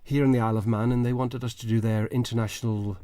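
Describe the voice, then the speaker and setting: A man from Ireland, a musician guest on a radio show, telling stories in a rambling, warm way in a studio. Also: mid-range voice, steady tone, quick pace, no echo. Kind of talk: relaxed anecdotal storytelling.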